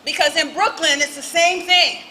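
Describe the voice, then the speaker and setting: A woman's voice: very high-pitched, steady tone, normal speed, bright, forceful tone, a little hiss or hum, poor audio. A woman giving a rousing political speech at an outdoor street rally, calling out to the crowd. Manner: rousing call-and-response with the crowd.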